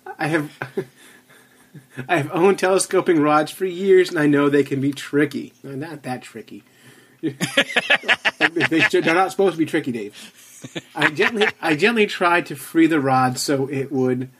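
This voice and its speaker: Podcast host dude, husky and a bit high, teasing his buddy and reading stuff out loud. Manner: teasing, dry asides, laughs while reading. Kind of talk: casual chat and reading aloud.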